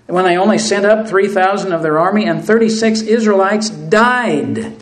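Speaking to the congregation as brethren, a preacher reads scripture with earnest, building intensity. His voice is high-pitched and moderately paced, and the recording is rough.

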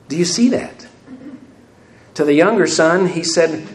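A man's voice: a little high, measured pace, pauses often. A man preaching a sermon, asking the congregation rhetorical questions and adding light self-deprecating humor. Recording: echoey room, faint room noise.

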